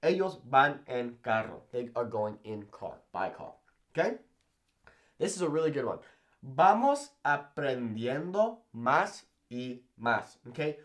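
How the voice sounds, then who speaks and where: A man teaching a Spanish lesson at a whiteboard, checking in with "okay?" after nearly every point and slowing down on example phrases. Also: medium pitch. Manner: animated, repeats "okay?" often, slows down on example phrases. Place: classroom-style room with whiteboard.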